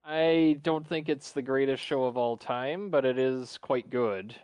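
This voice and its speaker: A man's voice: medium pitch, unhurried, darkish tone, clear, resonant tone, no echo. A man co-hosting a podcast, chatting loosely and rambling with lots of fillers. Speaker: podcast co-host. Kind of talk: casual chat.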